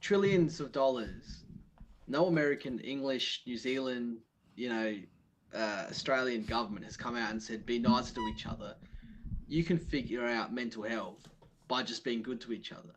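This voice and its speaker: A male guest talks in an earnest, driving way, pressing his points harder as he goes. His voice sits at a middle pitch. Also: moderate pace, slight background noise, low-quality recording. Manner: earnest, rising to emphatic points. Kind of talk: casual chat.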